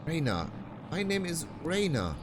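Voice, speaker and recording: A man's voice: sing-song, unhurried, background noise. A man voicing a frightened teenage girl idol in a game, pleading in a raised voice. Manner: high pleading voice.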